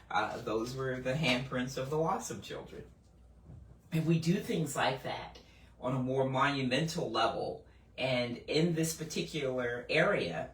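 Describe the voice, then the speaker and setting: Lady doing a chatty bible talk, lots of restarts, sounds kinda far off the mic in an echoey room. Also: a bass voice. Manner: animated, acts out quoted voices, frequent restarts. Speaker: Bible teacher. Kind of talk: conversational Bible teaching. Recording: roomy, mic at a distance.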